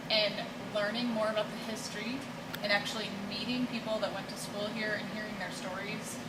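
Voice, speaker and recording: A woman who runs a haunted house, answering interview questions about her building in a measured, conversational way with easy laughs. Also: mid-range voice. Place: old school building, indoors. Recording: echoey room, distant mic, loud background noise.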